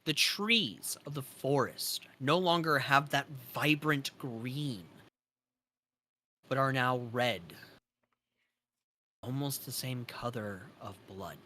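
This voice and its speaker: A man running a tabletop game as game master, painting each scene at an unhurried pace with plenty of "uh" and "um" along the way. His voice is bright and forward, and faint background noise sits under the recording. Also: medium pitch. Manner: slow descriptive narration with fillers.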